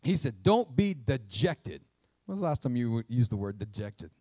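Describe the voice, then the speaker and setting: A man, a pastor preaching a sermon to his church with lively call-and-response questions. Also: dry recording. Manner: jokes aside in a quiet, quick low voice. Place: church sanctuary with congregation.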